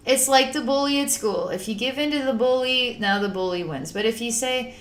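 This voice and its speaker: A woman's voice: a little high, a little fast, hardly any pauses, roomy sound. Emotive woman channeling a healing session. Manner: rambling, emotive, acts out panicked voices. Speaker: psychic channeler. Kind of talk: guided spiritual healing session.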